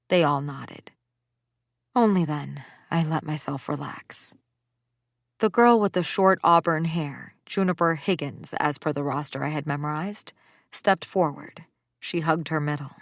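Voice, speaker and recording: A woman narrating a romance audiobook in the first person, with expressive scripted delivery. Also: sits low, a little slow, creaky, no echo, clean studio sound.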